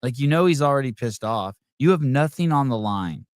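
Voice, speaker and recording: A man hosts a live podcast and rants bluntly, with plenty of swearing, about the clips he is watching. His voice sits at an ordinary middle pitch. The sound is dry and close, with no room echo. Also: expressive, a little fast. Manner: blunt, profane ranting. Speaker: podcast host. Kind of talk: live podcast, reacting to videos.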